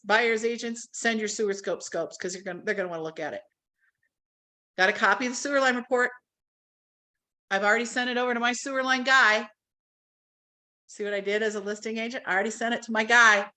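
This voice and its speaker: Woman real estate trainer, fairly high voice, lively classroom delivery, acts out the calls she describes. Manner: animated, acts out quoted phone calls. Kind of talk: live training class talk. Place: classroom with a live audience.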